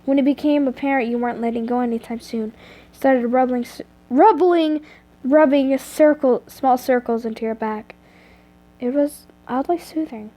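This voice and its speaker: Sex: woman. Style: reading a story aloud. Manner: stumbling, self-correcting, slow. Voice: high and mellow. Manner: stumbles and corrects herself often. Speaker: reader of fan fiction.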